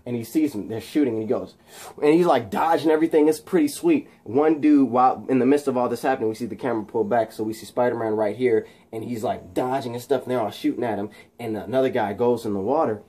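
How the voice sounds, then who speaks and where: A man casually retelling a movie fight scene, animated and shouting sound effects, with many fillers. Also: mid-range voice, fast. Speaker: video host recapping a film.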